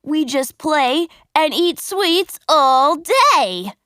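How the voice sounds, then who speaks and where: A lazy schoolboy tempts his friend, stretching his words to coax him along, as a woman reads him in a storybook. His voice sits high and bright. The sound is dry and close. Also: sing-song, no echo, heavily acted. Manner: coaxing, drawn-out persuasion.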